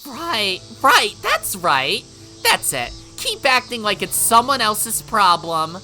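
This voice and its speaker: A woman voicing a sharp-tongued teenage girl who mocks and scolds her twin, reading a visual novel aloud with faint music behind. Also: medium pitch, very animated, normal speed, poor audio. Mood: mocking. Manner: cutting, mocking, bitter.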